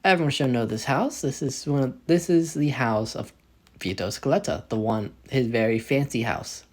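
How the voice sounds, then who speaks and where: A man's voice: mid-range voice, normal speed. A man casually narrating a fan story, rambling and correcting himself as he goes. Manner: rambling, self-correcting, animated.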